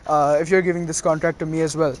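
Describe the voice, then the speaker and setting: A man voicing a smug, cocky teenage boy ninja in a fan-told story, with halting, filler-heavy speech. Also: on the high side, little pitch movement, a little hiss or hum, natural voice.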